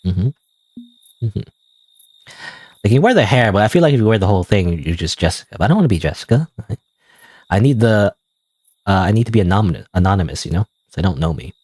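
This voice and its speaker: A man's voice: fairly low pitch, very animated, fast talker, pauses often, darkish tone, breathy edge, dry recording. A man streaming a game live, giving casual, rambling, self-deprecating commentary full of "you know" and "I don't know.". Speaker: gaming streamer.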